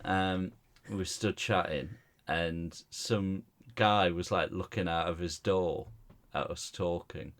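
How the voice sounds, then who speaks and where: A man's voice: low-pitched, steady tone, takes it slowly, a bit bright. A man, co-hosting a podcast in casual chat, rambling through stories with stammered restarts. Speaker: podcast co-host.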